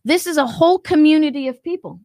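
A woman's voice: sits high, fast talker, a little mellow, no echo. A woman hosting a commentary show, talking emphatically and acting out quotes as she reacts to a video. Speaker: show host.

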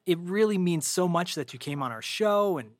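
A man co-hosting a podcast, chatting casually and telling animated stories full of fillers and restarts, talking to a guest who is not in the same room. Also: high voice, moderate pace. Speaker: podcast co-host. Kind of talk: casual interview chat.

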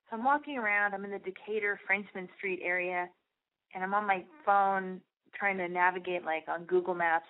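Profane, chatty young woman podcaster. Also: lowish voice. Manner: animated, profane, rambling with many "like"s. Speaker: podcast host. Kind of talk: casual storytelling monologue. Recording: tinny phone-like sound.

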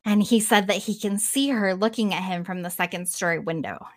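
A woman podcast host casually retelling a story in an animated way, swearing freely and trailing off now and then. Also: medium pitch, fairly quick.

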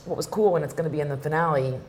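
A woman's voice: low voice, racing, darkish tone, a little hiss or hum. A woman wrestler as an interview guest, telling personal stories in a chatty, emotional way with lots of fillers. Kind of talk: casual interview storytelling.

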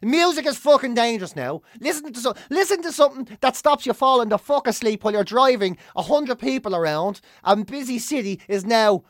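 An Irish man with a lively, swooping voice tells stories and rants in casual chat, swearing freely and mimicking the people he meets. The room is dry and close, with no echo at all. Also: extremely high pitch. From Ireland. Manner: profane, ranting storyteller with quick mimicry. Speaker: podcast co-host, comedian.

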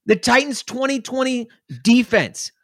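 A man's voice: very high-pitched, a little slow, no echo. Male podcast co-host, furious rant, trips over his words, dry close sound. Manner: angry, fired-up ranting with stumbles and restarts. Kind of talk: casual sports podcast rant.

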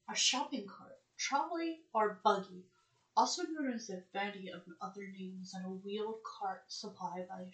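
A woman's voice: mid-range voice, roomy sound, rough recording. A woman from the United States thinking aloud and reading search results aloud in a casual vlog, easily surprised.

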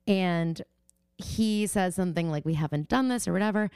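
A woman's voice: fairly low pitch, normal speed, a little mellow, clean tone, no echo. A young woman co-hosting a podcast, chatting casually and swearing freely as she acts out quotes. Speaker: podcast co-host. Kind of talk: casual recap chat. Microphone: remote call mic.

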